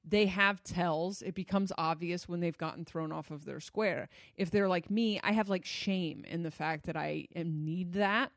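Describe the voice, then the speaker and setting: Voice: medium pitch, a little slow, hardly any pauses, fairly bright tone, dry recording, clean studio sound. A relationship coach talking casually to an audience, blunt and loose, swearing freely.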